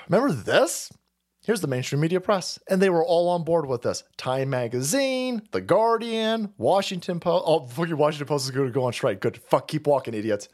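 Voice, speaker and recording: A man's voice: a little high, animated, normal speed. A man hosting a political commentary stream, ranting in a foul-mouthed, sarcastic, mocking way. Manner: swings into exaggerated mocking voices. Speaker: stream host.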